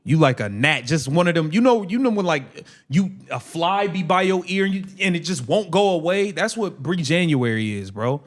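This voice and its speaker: A man's voice: on the high side, expressive, moderate pace, hardly any pauses. Slangy man ranting over a live game. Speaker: live stream host. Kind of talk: casual live watch-along commentary.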